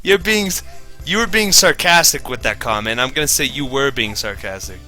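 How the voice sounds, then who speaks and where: A man's voice: medium pitch, animated, normal speed, sharp tone, soft background music. A slightly tipsy man chatting casually while streaming a game, rambling, swearing and laughing. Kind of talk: casual chat while gaming.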